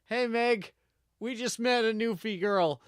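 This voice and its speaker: A man with a Canadian accent, giving casual, excitable commentary while streaming a game and swearing freely. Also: extremely high pitch, measured pace, clear, resonant tone, no echo, studio quality. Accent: Canadian English.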